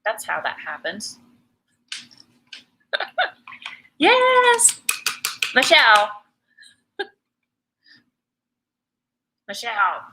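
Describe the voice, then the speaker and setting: Chatty middle-aged woman, bright ringing voice, teasing painting teacher on a live stream. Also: mid-range voice, expressive, drawn-out words, long pauses, a little hiss or hum, poor audio. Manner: chatty, teasing, laughs often. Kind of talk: live painting tutorial chat.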